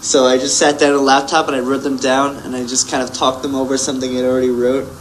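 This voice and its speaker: A young man talks loosely as a guest, full of fillers and little laughs. His pitch sits in an ordinary middle range. Faint hiss runs under the recording. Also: little pitch movement, quick pace, poor audio. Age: young adult. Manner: rambling, many fillers, laughs often. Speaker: musician guest. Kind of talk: casual interview chat.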